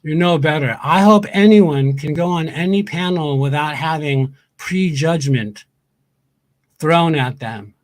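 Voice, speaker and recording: A male livestreamer in a heated rant, his voice sitting a little high for a man. He swears freely and hammers the same lines again and again, angry and indignant. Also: measured pace, no echo. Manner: angry, profane, repeats himself.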